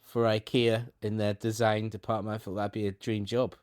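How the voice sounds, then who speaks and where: A man's voice: fairly low pitch, level tone, moderate pace, darkish tone, clean tone, no echo, studio quality. A man co-hosting a podcast over a remote call, chatting casually and going off on jokey tangents with lots of restarts. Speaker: podcast co-host. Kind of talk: casual chat.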